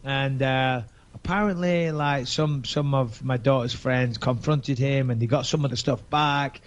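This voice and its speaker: A man in his forties with an English accent, a podcast host telling a story in casual chat, profane and animated, acting out both sides of phone calls. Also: mid-range voice, measured pace, highs cut off. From England.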